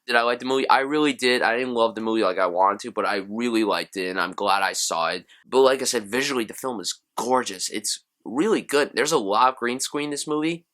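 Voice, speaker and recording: A man's voice: mid-range voice, fairly quick, hardly any pauses, fairly bright tone. A young man giving a casual, enthusiastic spoken film review, chatty and full of loose asides. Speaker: movie reviewer.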